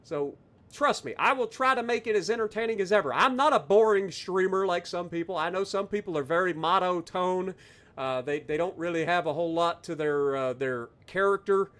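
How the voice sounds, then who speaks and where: A man live-streaming a game, talking to his chat and thanking donors with loud, exaggerated reactions. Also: high-pitched, fairly quick.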